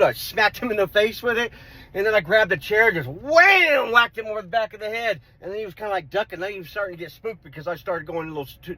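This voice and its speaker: A middle-aged man telling a street fight story in a casual vlog, rough-spoken, swearing and repeating himself as he goes. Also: on the high side. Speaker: vlogger.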